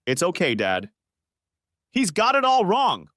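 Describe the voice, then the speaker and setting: A man's voice: mid-range voice, big pitch swings, normal speed, dry recording, studio quality, lightly acted. A man voicing a tearful young adult woman who pleads with her father, in an audiobook story. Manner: sobbing, pleading.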